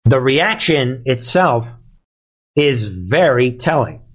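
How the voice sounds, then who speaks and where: A man of middling pitch hosts a live commentary stream in a sarcastic, emphatic rant. He leans on words for effect and talks straight to his listeners. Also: big pitch swings, slow pace, a bit bright. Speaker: host of a live commentary show.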